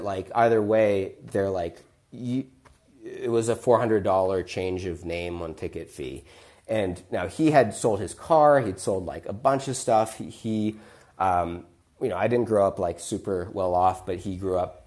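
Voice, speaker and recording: Lower-voiced man telling a story casually. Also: darkish tone. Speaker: podcast host.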